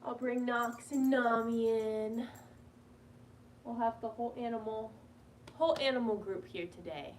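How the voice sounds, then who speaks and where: Speaking unhurriedly and pausing often, a young woman with a fairly high voice chats on a livestream from home; she works as a vet tech and speaks warmly to her pets in between comments. The mic sounds a bit distant, and faint noise hums in the background.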